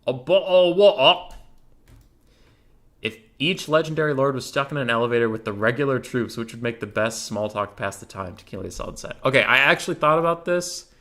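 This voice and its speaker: Reading questions from the community, this man hosts a relaxed gaming Q&A and answers with fast, offhand jokes. He speaks at medium pitch, expressively, with a sharp tone.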